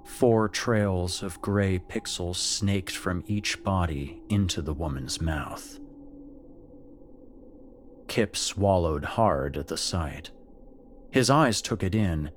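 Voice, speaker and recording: A man narrating a horror story in a slow, measured, scripted storytelling manner. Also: sits low, a little hiss or hum.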